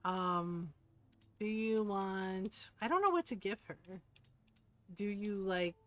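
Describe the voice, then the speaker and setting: A woman streaming a game, telling gossipy stories in a lively, casual way and swearing freely. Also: medium pitch, slow. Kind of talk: casual live-stream chat.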